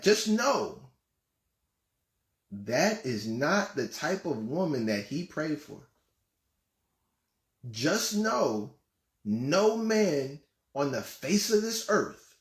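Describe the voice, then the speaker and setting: A man with a fairly high-pitched voice hosts his own show as a life coach, handing out relationship advice bluntly, scolding and mocking, and often laughing at his own points. The room sounds echoey.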